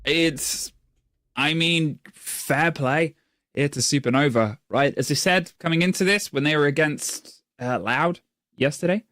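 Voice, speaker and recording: A man's voice: a little high, measured pace, fairly bright tone, dry recording. A man casting an esports match, rambling and self-deprecating between plays. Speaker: esports caster. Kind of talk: play-by-play commentary.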